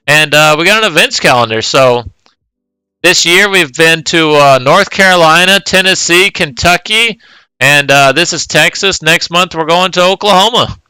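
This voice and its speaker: A man's voice: a little high, normal speed, pushed and bright, clean tone, dry recording, poor audio. A man casually commenting live on a tabletop card tournament, calling plays as they happen. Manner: casual, play-by-play calling of moves.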